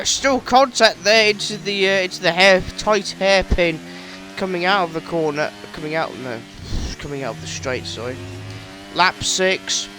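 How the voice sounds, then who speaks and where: A man's voice: fairly high pitch, bright, forceful tone, slight background noise. A man casually commentating over his own racing game playthrough, rambling, correcting himself often and cracking jokes. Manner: rambling, self-correcting, jokey. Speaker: gaming video creator.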